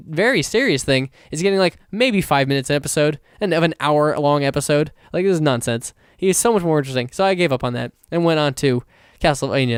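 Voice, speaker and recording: A young man talks through a casual solo podcast, rambling and swearing freely between fillers. His voice sits a little high for a man and sounds smooth and resonant. The recording is dry and close, with no room sound. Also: dry recording. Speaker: podcast host.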